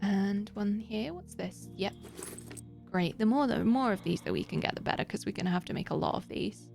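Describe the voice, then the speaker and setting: Female streamer, chatty and direct with viewers, voice with a fry edge. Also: medium pitch, normal speed, a little mellow, faint music behind. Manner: chatty, talks straight to viewers. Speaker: live streamer. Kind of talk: casual gaming stream chat.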